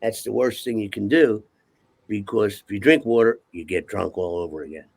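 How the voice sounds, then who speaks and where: Gravelly older man telling rambling stories. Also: on the low side, normal speed. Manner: profane, rambling, keeps asking okay?. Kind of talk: casual storytelling.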